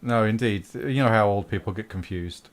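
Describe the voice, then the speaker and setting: A man's voice: on the low side, normal speed, natural voice. A man voicing an officious Victorian provost in a tabletop game, polite and matter-of-fact over an online call.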